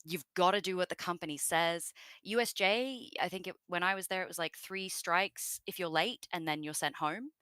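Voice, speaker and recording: A woman's voice: on the low side, moderate pace, bright, forceful tone, clean tone, no room sound. A woman with an Australian accent, a guest in an interview, chatting casually with many fillers and laughs.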